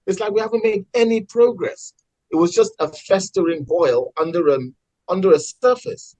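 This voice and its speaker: A man talking passionately in a casual political discussion, with many halting restarts. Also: high-pitched, dark tone, dry recording, rough recording. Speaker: podcast co-host.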